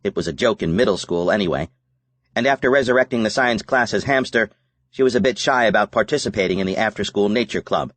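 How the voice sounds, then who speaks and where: A man narrating a novel as an audiobook in a measured, even reading. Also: fairly low pitch, no room sound. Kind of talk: scripted narration.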